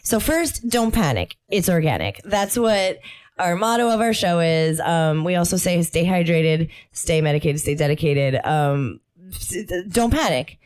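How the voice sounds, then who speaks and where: Woman, casual chat, chatty, laughing, lots of fillers, lowish voice. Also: animated, unhurried, a little mellow, smooth. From Italian heritage. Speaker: podcast co-host.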